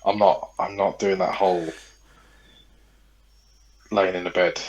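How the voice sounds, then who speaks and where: A man's voice: deep voice, little pitch movement, unhurried, muffled recording. A man co-hosting a podcast in casual chat, rambling and repeating himself, swearing freely. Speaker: podcast co-host.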